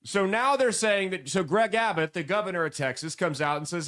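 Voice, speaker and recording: A man hosting a political commentary show, animated and sarcastic, mocking the people he quotes. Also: sits high, a little fast, few pauses. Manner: animated, sarcastic, mocking voices when quoting.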